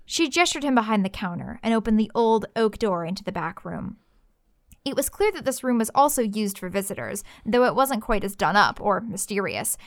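A woman narrating a fantasy story in a lively, expressive reading. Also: medium pitch, moderate pace, no room sound, clean studio sound.

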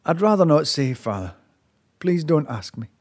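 A man voicing a gentle, honest teenage boy who speaks softly and hesitantly. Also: a little high, very animated, normal speed. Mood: reluctant. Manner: quiet, hesitant and apologetic.

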